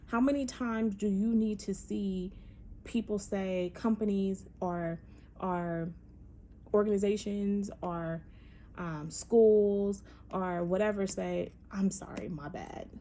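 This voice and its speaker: A woman's voice: mid-range voice, fairly even intonation, slow, mellow, slight background noise. Emphatic woman talking with many fillers. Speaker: podcast host. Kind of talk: casual opinion monologue.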